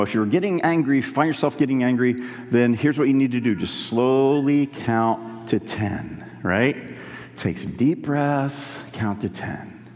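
A male pastor preaching in an earnest, conversational way, leaning on key words with slow pauses. His mid-range voice carries a long reverb through a large church hall. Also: medium pitch. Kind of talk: sermon.

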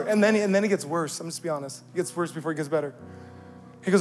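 A male pastor preaching a sermon, swinging between impassioned shouts and a low, conversational tone. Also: steady tone, fast talker, long reverb tail, faint music behind. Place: church service with congregation.

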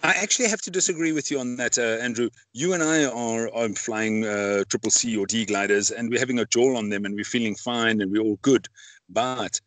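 A man's voice: mid-range voice, fairly quick, fairly bright tone, no room sound. A man hosting a casual podcast interview, rambling with many fillers and asking leading questions. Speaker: podcast host.

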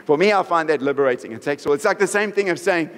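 A pastor delivers a sermon in a conversational, friendly way, keeping his voice a touch higher than most men. He keeps checking in with the congregation as he goes. The sound carries a long reverb from a church hall. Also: lively intonation, fast talker, fairly bright tone.

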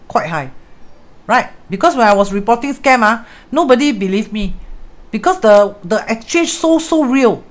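A woman with a Singaporean English accent hosts a casual livestream, chatting straight to her viewers. She talks loosely and lightly, with Hokkien and Mandarin words dropped into her English, and her voice sits at a middle pitch. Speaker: host, fortune-telling teacher.

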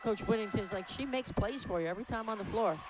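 High-voiced color commentator, man. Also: fast. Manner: chatty, short reactions and tactical asides.

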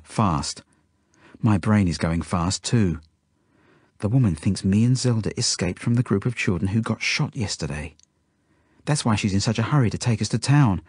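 Author-narrator, male, low husky voice, earnest first-person storytelling. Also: darkish tone, no room sound, studio quality. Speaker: author reading his book. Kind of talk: audiobook narration.

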